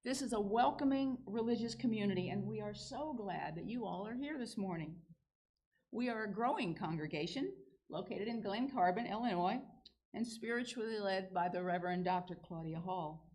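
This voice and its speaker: A woman's voice: medium pitch, normal speed, a little mellow, low-quality recording. An older woman leading a church service in a sanctuary, friendly and lightly informal as she welcomes people. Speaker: worship leader.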